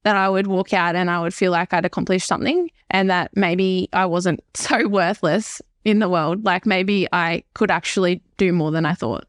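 A young woman, a podcast guest telling a candid, animated personal story. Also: fairly low pitch, moderate pace, few pauses, no room sound, clean studio sound. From Australia.

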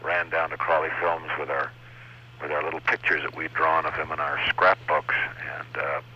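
A man's voice: very deep voice, flat delivery, normal speed, husky. A man from Canada, an impressionist telling chatty stories about his early years in an interview. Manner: chatty, laughing storyteller who slips into voices. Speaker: impressionist guest. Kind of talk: anecdotal interview chat. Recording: lo-fi radio recording.

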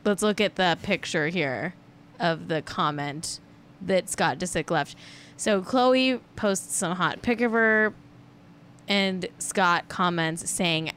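A woman's voice: lowish voice, slow pace, fairly bright tone, slight background noise. A woman hosting a casual celebrity gossip stream, chatty and rambling, breaking into sing-song riffs. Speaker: host.

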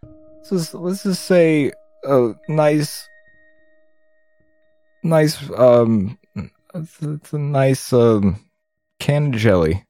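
Guy doing game commentary, slow talker, voice jumps up and down a lot, swears and laughs in disbelief. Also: mid-range voice, lively intonation, mellow, no room sound, soft background music. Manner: incredulous, swearing, laughing at what is on screen. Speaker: gamer.

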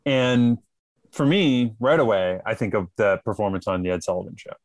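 A man who is an actor, appearing as a podcast guest and chatting casually with wry, deadpan quips. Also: lowish voice, moderate pace, no room sound. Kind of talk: casual chat.

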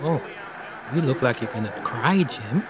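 An actor playing a heavyset, mock-friendly stranger who rambles and taunts in an audio drama. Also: male voice, medium pitch, lively intonation, a little slow, background noise, natural voice. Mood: menacing. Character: menacing, playful heavyset man.

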